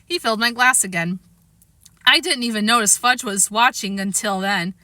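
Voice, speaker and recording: A woman narrating a children's chapter book aloud with expressive delivery. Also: mid-range voice, normal speed, dry recording. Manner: lively, expressive. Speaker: audiobook reader. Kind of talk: storybook narration.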